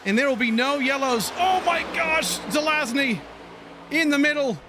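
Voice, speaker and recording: A man calling a motor race play-by-play, excitable and quick to exclaim. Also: very high-pitched, noisy background. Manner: excitable, shouting calls, laughing. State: out of breath. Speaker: play-by-play commentator.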